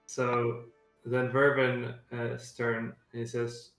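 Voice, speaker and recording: A man running an online tabletop game as game master, pausing often with fillers. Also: mid-range voice, fairly even intonation, fairly bright tone, roomy sound, soft background music. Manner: hesitant, many filler pauses.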